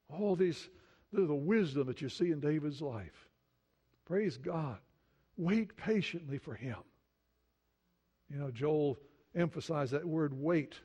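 A middle-aged pastor with a voice on the high side preaches a sermon earnestly. He shifts between hushed, prayerful passages and emphatic points.

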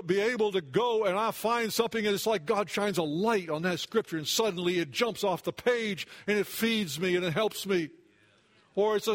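A male pastor preaching with a notably high voice. He talks earnestly and conversationally, sinking to a hush for emphasis and climbing higher when he voices a worried believer. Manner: earnest, voice drops low for emphasis, rises when acting out doubts; occasional restarts, conversational asides. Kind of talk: sermon.

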